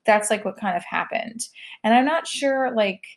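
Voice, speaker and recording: A woman's voice: fairly high pitch, expressive, normal speed. A woman hosting her own podcast and livestream, chatting casually and confessionally, rambling with lots of "like" as she talks. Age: adult mother of a school-age child. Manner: rambling and chatty, heavy use of "like".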